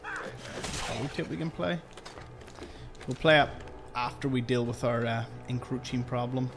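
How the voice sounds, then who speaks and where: A man's voice: medium pitch, a little slow, over music. A man giving chatty, joking let's-play commentary. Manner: chatty and jokey. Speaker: gaming youtuber.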